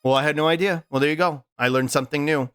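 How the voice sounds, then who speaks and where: A man's voice: on the high side, steady tone, fast talker, a bit bright, clean tone. A man streaming live who chats casually with his viewers and reads their messages aloud, rambling with plenty of swearing, fillers and restarts. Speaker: Twitch streamer.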